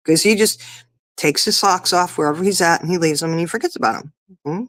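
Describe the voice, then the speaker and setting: A woman's voice: on the low side, fast, fairly bright tone, dry recording. A woman in her fifties chatting casually, telling rambling stories about her kids. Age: 50s. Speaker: podcast guest or co-host. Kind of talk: casual chat.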